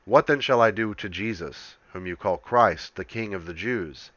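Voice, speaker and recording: A man reading the lines of an uneasy, insistent male Roman governor in a measured, questioning way. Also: on the low side, a bit bright, no room sound, muffled recording.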